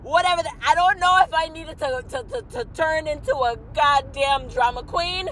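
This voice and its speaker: A woman venting angrily in a vlog from a car, swearing a lot and rambling, breaking into shouts. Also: high voice, a little fast, hardly any pauses, a crowd in the background, rough recording. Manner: profane, shouting in bursts, rambling.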